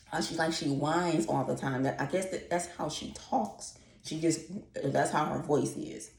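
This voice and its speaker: Gravelly low-voiced woman ranting. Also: fairly even intonation, a little slow, darkish tone. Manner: exasperated, profane, rambling rant. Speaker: vlogger. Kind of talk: casual ranting vlog. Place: apartment at home. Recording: echoey room.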